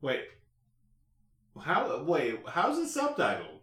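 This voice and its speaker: A man's voice: fairly high pitch, wildly swooping pitch, slow, a bit bright. A man hosting a casual podcast, joking around and steering the talk back on track. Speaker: podcast host. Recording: echoey room.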